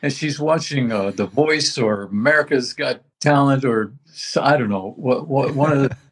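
A man's voice: mid-range voice, moderate pace, husky. An older man talking casually as a veteran musician, rambling and reminiscing with many restarts. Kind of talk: casual conversation.

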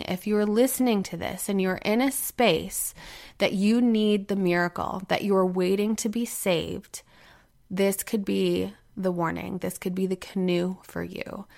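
A woman's voice: mid-range voice, vocal fry. A woman in her thirties hosting a podcast, telling a story and encouraging listeners in an earnest, motivating way. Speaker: podcast host and coach. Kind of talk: podcast monologue with a told story.

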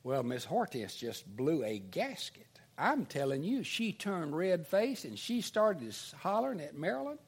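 An older male preacher with a high, lively voice tells a folksy story from the pulpit. He talks in an animated way, swinging his pitch widely as he builds toward the lesson. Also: measured pace, few pauses, husky. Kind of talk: storytelling sermon.

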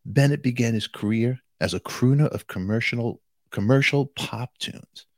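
A man's voice: medium pitch, normal speed, no room sound. A man hosting his own channel, talking straight to viewers in a jokey, chatty way. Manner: animated, jokey, addresses viewers directly. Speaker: channel host.

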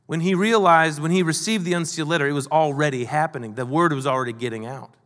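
A male pastor preaching a sermon, moving between emphatic and quiet delivery. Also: a little high, fast, big-room sound.

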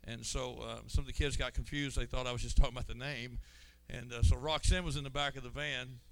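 A man with a smooth, resonant voice and an everyday middle pitch, speaking before a church congregation. He recounts a youth trip haltingly, restarting phrases and dropping in an amen. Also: fairly even intonation, a bit bright, rough recording.

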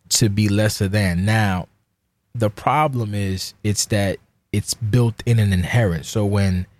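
Solo podcast host, male, low voice, dry close sound, profane heated rant. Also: a little mellow, dry recording.

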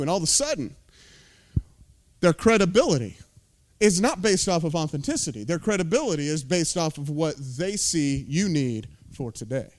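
American man, pastor, intense emphatic sermon, high lively pitch. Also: moderate pace. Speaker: lead pastor.

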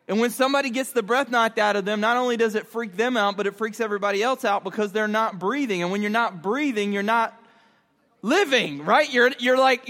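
High-voiced man preaching in a hall. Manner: animated, conversational, laughing at his own story. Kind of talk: storytelling sermon. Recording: long hall reverb.

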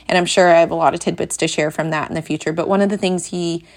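A young adult woman hosting a parenting podcast, talking in a frank, chatty way and acting out quotes in a brighter voice. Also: fairly low pitch, fairly even intonation, fast. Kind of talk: casual chat.

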